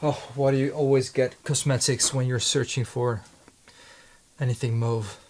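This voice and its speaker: A man's voice: medium pitch, steady tone, normal speed, a little mellow, a little hiss or hum. A man who makes his own paints, chatting casually in his studio while thinking aloud, hesitant and rambling with many restarts. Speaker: handmade paint maker.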